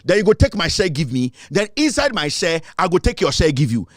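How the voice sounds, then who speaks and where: A man's voice: fairly high pitch, very animated, brisk, dry recording, studio quality. A man from Ghana with a Ghanaian English accent, delivering a mocking, taunting political rant as a commentator and laughing often. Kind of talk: ranting online commentary.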